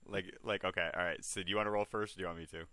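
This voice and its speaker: A man's voice: low voice, steady tone, very fast, a crowd in the background. A man playing a tabletop role-playing game, swearing, laughing often and restarting his sentences. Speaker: player.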